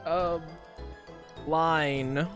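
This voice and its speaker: Young man, streamer, rambling, laughing, self-mocking, soft background music. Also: on the high side, steady tone, drawn-out words. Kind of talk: casual live-stream chat while playing a word game.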